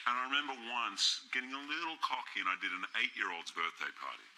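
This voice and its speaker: A man, a talk show guest, telling a playful, lively anecdote in a TV studio. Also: mid-range voice, fast, noisy background.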